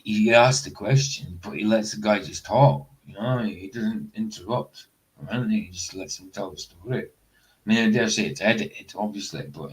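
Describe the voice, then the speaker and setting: A man's voice: on the low side, low-quality recording. A man hosting a livestream, chatting casually to viewers in rambling asides. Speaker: livestream host. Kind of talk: casual live stream commentary.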